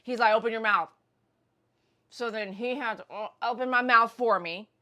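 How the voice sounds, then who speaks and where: A woman hosting a casual livestream, telling a story in an animated, blunt, slangy way with loud bursts. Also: a little high, moderate pace. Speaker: pet groomer host. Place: grooming shop.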